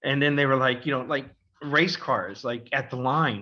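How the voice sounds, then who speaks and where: A middle-aged man co-hosting a podcast, telling a long school story in an animated way and acting out the voices of the people in it. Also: medium pitch, unhurried, muffled recording. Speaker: podcast co-host, father. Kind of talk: casual storytelling.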